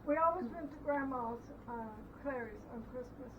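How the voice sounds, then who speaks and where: An older woman tells an unhurried childhood memory, halting and filling in with small pauses. Her voice sits high. She is some way from the mic, on a dull home recording with a clear hiss. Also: far from the mic. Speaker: family member. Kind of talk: casual storytelling at a family table. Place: indoors at a family table.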